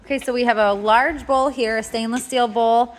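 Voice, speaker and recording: A woman explaining a kitchen task step by step in a relaxed, casual tutorial, with the odd filler. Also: a little high, moderate pace. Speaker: homestead cooking instructor. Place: home kitchen.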